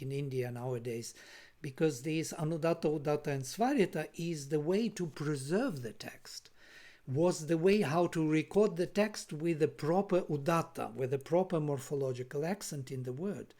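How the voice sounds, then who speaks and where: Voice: mid-range voice, normal speed, darkish tone. A linguist giving an online lecture over a video call, explaining step by step and checking in with the listeners. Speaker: linguist lecturing on Vedic accent.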